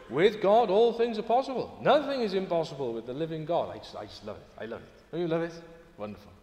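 Earnest preacher in an echoey church. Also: male voice, on the high side. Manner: earnest, emphatic, rising to exclamations. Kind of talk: sermon. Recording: echoey hall with long reverb.

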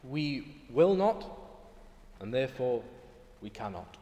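A man's voice: medium pitch, very animated, slow, warm tone. A man preaching a sermon in a church, earnest and emphatic, often rising to exclamations. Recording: echoey hall with long reverb.

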